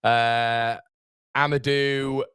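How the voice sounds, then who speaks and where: A man hosts a live football stream, talking loosely and informally to his viewers as he reads out their comments. His voice sits at an ordinary middle pitch, and the sound is close and dry with almost no room in it. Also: level tone, drawn-out words, fairly bright tone, clear, resonant tone, dry recording. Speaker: football watchalong host.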